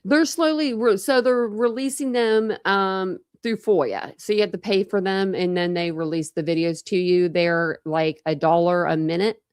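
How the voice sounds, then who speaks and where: A woman's voice: on the low side, normal speed, few pauses, darkish tone, smooth, no room sound, clean studio sound. A young woman hosting a casual true crime livestream, tired and rambling with many fillers. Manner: rambling, lots of fillers and restarts. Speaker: true crime channel host. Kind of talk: casual livestream chat with viewers.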